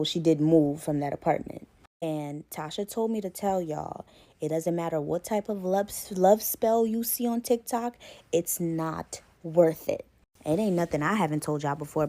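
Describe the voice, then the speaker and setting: Low, mellow woman warning viewers. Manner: direct, addresses viewers as y'all, warning tone. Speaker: storyteller. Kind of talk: casual storytime vlog.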